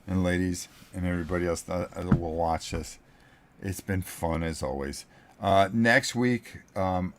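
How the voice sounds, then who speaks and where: A man's voice: low voice, a little hiss or hum. A man in his sixties, a board game channel host, telling a story to viewers in a casual, joking way and chuckling between sentences. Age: 60s.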